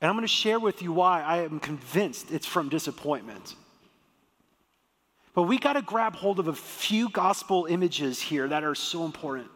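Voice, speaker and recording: A man preaching a sermon as the pastor, lively and joking as he tells the story. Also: fairly high pitch, normal speed. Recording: long hall reverb.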